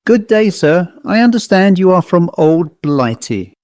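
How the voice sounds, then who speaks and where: A man playing a jolly elderly English gentleman. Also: high voice, sing-song, a little slow, no echo, pitched above the performer's own voice. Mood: genial. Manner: genteel, old-fashioned and chatty.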